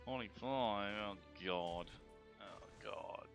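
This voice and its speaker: A man's voice: on the low side, takes it slowly, vocal fry. A man with an Australian accent giving chatty, sweary live commentary while he plays a game. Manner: chatty, swears freely, reacts aloud to the game. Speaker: game streamer. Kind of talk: casual live gameplay commentary. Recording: dull lo-fi stream audio with game music.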